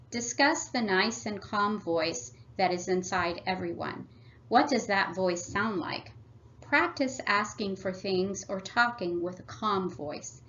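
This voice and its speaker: A woman presenting a family workshop, reading a prepared script in a measured, instructive way. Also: medium pitch, a bit bright, slight background noise. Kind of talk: scripted read-aloud presentation. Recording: slightly dull lo-fi audio.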